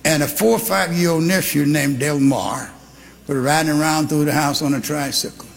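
An older man preaching a sermon, telling a story and shouting to a congregation in call-and-response. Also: fairly high pitch, moderate pace, gravelly, soft background music. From Texas. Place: church hall. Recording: live in a reverberant church with congregation.

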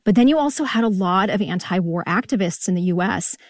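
A woman reporter speaking as a correspondent in a radio news interview, recounting events in a measured, calm way. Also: medium pitch, a little hiss or hum.

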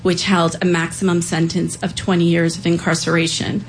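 Woman telling a serious story on stage, lowish voice, a bit halting, faint background noise. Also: level tone, poor audio. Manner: earnest, a bit halting with fillers.

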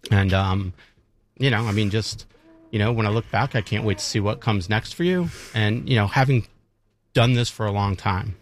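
A fairly low-voiced man speaks a sentimental tribute on live radio. He pauses and restarts as he gathers his words. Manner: halting, sentimental. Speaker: radio colleague.

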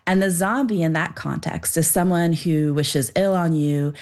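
Young woman guest, low voice, thoughtful, unhurried explainer with "um"s. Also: darkish tone. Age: young adult. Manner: thoughtful, explanatory, many fillers. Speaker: filmmaker guest. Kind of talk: interview answer.

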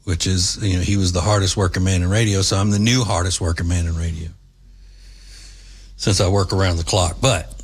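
A man's voice: low-pitched, fairly even intonation, brisk, husky. A man hosting a talk radio show, folksy and opinionated, rambling with fillers.

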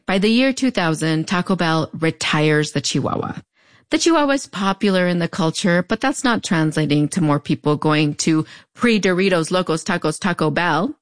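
A podcast narrator with a fronterizo accent from the US-Mexico border speaks in a fairly low female voice, recorded without echo. Her scripted narration is wry and conversational, sprinkled with playful, sassy asides.

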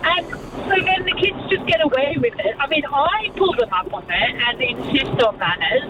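Woman calling in, a nanny, kinda fed up, high voice, muffled and far off w traffic around. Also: animated. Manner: indignant, talks fast with "like" fillers. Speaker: caller, nanny. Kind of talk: phone-in chat.

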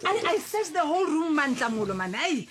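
A woman's voice: high-pitched, sing-song, fairly quick, noisy background. A woman with a South African accent plays a hot-tempered mother who scolds and accuses her child in dramatic outbursts. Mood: irritated. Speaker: comedy skit actor.

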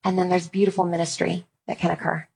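Woman in her thirties, husky timbre, church speaker, animated and funny storyteller. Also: lowish voice, quick pace, rough recording. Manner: animated storytelling with playful humor. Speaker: Christian speaker on apologetics and parenting. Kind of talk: talk to an audience.

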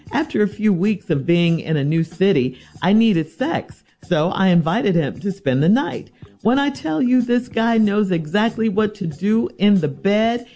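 A woman's voice: mid-range voice, dark tone. A woman hosting a radio advice show, reading a listener's letter and giving blunt, teasing advice.

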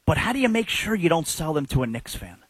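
A man hosting a sports talk radio show, giving his opinions in an animated way. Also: on the high side, quick pace, breathy edge, no echo.

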